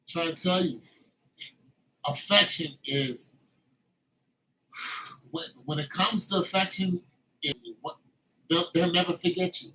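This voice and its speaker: A man delivering a casual, emphatic monologue of relationship advice, repeating his points and flaring up into shouting. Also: high-pitched, takes it slowly, long pauses, low-quality recording.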